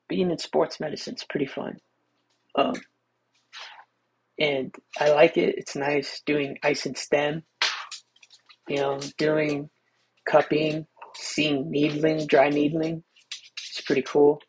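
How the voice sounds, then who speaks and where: A man's voice: fairly high pitch, little pitch movement, takes it slowly, pauses often, a little hiss or hum. A young man hosting a solo podcast, rambling in a laid-back way with many restarts and fillers. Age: young adult. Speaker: podcast host. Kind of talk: casual solo podcast monologue.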